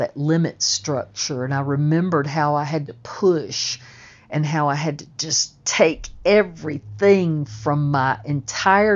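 A woman's voice: low-pitched, dull audio. A woman telling a first-person story in a blunt, emphatic way, with plenty of swearing.

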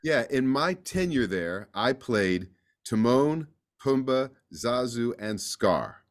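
A man speaking as a guest actor in a casual interview, an animated storyteller who slips into acting out voices. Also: medium pitch, takes it slowly.

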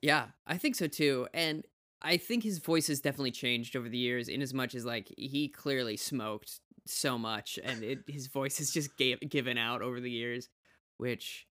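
A man's voice: mid-range voice, normal speed, bright, forceful tone. A man hosting a podcast over a video call, chatty and laughing easily. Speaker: podcast host. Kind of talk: casual podcast interview.

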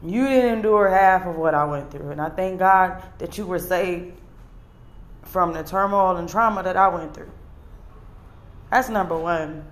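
A woman's voice: lowish voice, unhurried, long pauses. A woman giving an earnest, emotional confessional monologue to camera, speaking bluntly and sometimes swearing. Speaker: vlogger.

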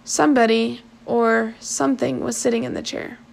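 A woman reading a storybook aloud at a steady pace, now and then correcting herself as she reads. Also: fairly high pitch, moderate pace, gravelly. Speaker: story reader.

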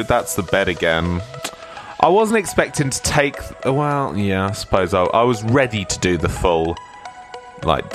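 A man's voice: lowish voice, a bit bright. A man hosting a casual radio show and reading the weather. He rambles with chatty, self-deprecating asides and sounds slightly stuffy from a cold.

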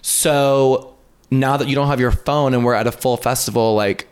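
A man chatting casually on a podcast, spinning an animated story with plenty of filler words and swearing. His voice sits at an ordinary middle pitch. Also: normal speed, clear, resonant tone. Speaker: podcast co-host. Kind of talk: casual chat.

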